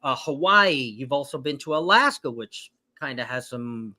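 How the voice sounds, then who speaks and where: Man, host, animated, asks lots of questions, bright forceful tone, very lively pitch. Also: moderate pace. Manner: animated, prompting the guest with questions. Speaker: cruise show host. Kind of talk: casual live-stream chat.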